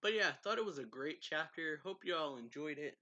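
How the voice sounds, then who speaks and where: A man's voice: fairly high pitch, lively intonation, fairly quick, pushed and bright, dry recording, muffled recording. A man casually retelling a manga chapter as a reviewer, with frequent laughs and "he's like" asides. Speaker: anime reviewer.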